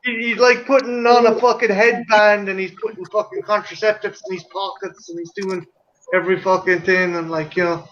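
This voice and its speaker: A man's voice: high voice, little pitch movement, brisk, fairly bright tone, dull audio, slight background noise. A man in a late-night casual group chat, rambling and riffing profane bits.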